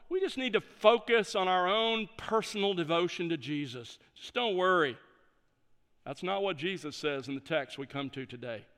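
A man preaching a sermon, measured and emphatic, slowing down to stress key phrases. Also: sits high, fairly bright tone, clean tone, in a large hall. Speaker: pastor.

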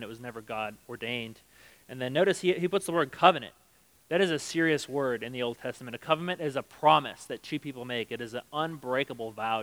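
A man's voice: mid-range voice, a bit bright, rough recording. A man preaching a sermon in a conversational way, reading scripture aloud and acting out the quotes. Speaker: pastor.

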